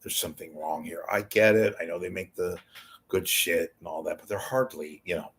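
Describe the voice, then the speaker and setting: A man's voice: sits low, normal speed, a bit bright, husky. A man hosting his own show, rambling casually and profanely with wisecracks. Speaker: show host. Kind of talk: casual livestream monologue.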